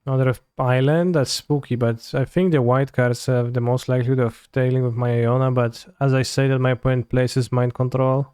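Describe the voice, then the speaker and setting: Male streamer, casual muttered play commentary, smooth voice, dead-dry sound. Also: medium pitch, steady tone, brisk, few pauses, darkish tone, no echo. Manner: muttering to himself, loose and offhand, trailing off. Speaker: streamer playing a card game.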